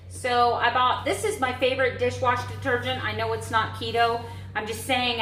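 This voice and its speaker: A woman's voice: fairly high pitch, fairly bright tone, a little hiss or hum. Chatty woman vlogging in an echoey kitchen. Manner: chatty, rambling, friendly asides to viewers. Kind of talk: casual day-in-the-life vlog chat. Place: home kitchen.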